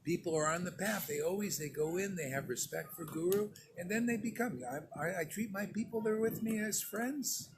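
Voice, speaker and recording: A man's voice: sits high, normal speed, hardly any pauses, noisy background. A man giving an informal sermon to his disciples as their spiritual teacher, emphatic and stern, talking in a conversational way and often asking "see?".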